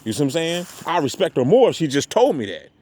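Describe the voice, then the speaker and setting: A man with a somewhat high-set voice rambles on outdoors in a loose vlog monologue. He swears constantly, leans on street slang, and keeps circling back with "you know what I'm saying." The talk is repetitive and stream-of-consciousness. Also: sing-song, quick pace, darkish tone. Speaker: vlogger. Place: outdoors at a park parking area.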